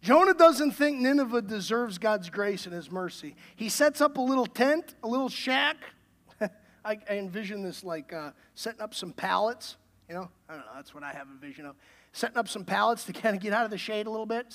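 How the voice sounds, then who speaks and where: A man's voice: sits high, brisk, fairly bright tone. Man preaching with emphatic questions. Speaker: pastor. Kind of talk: sermon.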